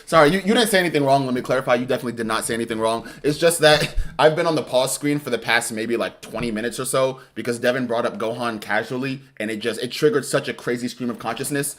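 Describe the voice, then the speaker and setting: A young man streaming a video game live, commentating in an excitable, rambling way and often laughing. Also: mid-range voice, quick pace, hardly any pauses. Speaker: gaming streamer.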